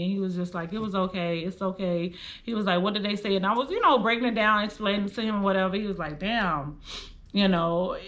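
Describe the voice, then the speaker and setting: Blunt woman vlogger, aave, bright clear voice, cursing, heartfelt storytime. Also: mid-range voice. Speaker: vlogger telling a personal story. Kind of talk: emotional storytime monologue.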